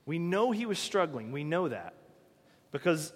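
A man's voice: fairly high pitch, sing-song, moderate pace, big-room sound. A man preaching a sermon in a conversational way, asking his listeners rhetorical questions. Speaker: pastor.

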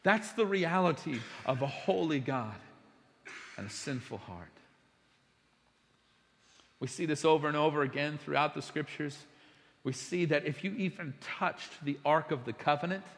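A man preaching a sermon, telling stories with big swings between hushed, slow passages and loud bursts. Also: a little high, expressive, creaky, big-room sound.

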